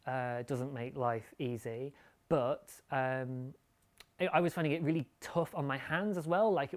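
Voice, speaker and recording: Male podcast host, casual and rambling, self-deprecating. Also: medium pitch. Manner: chatty, rambling, laughs at himself. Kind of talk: casual live-show chat about knitting.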